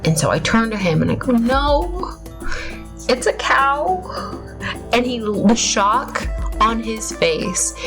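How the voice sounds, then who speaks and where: Young woman, casual game commentary, rambling, self-deprecating, mid pitch, faint music behind. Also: a little slow, rough recording. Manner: chatty, rambling, self-mocking with laughs. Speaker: gaming channel host.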